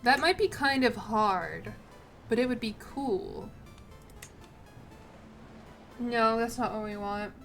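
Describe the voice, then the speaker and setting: A woman with a high-ish, fairly bright voice streams a strategy game at a measured pace, sounding animated, with soft music in the background. Her casual commentary includes reading the game text, tripping over words, swearing, and chatty asides packed with "like".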